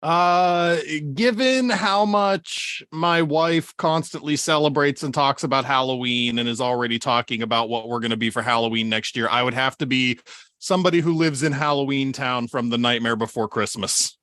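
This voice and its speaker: A man's voice: medium pitch, moderate pace, sharp tone, dry recording, studio quality. A man chatting casually on a podcast panel, easygoing with brief answers. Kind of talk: casual group chat.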